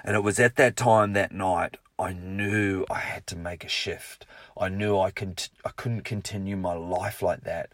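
A man's voice: low-pitched, no room sound. A man telling a personal story in a candid, profane, self-mocking way. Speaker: speaker.

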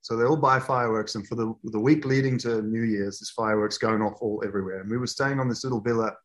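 A man guest telling lively stories in a casual podcast chat, swearing freely and acting out scenes. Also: on the low side, quick pace. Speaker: guest, author and fitness program creator.

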